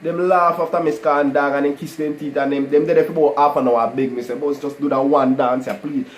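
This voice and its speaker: A man telling a personal testimony to a live online audience, animated and full of "guys" and "you know". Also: on the high side, fairly quick, a little hiss or hum, poor audio. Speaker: livestream host telling his testimony.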